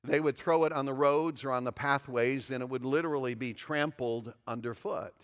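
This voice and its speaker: A man's voice: mid-range voice, moderate pace, clear, resonant tone. Emphatic preacher man in a reverberant church. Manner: emphatic, repeats phrases for stress. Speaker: pastor. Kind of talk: sermon. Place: church sanctuary.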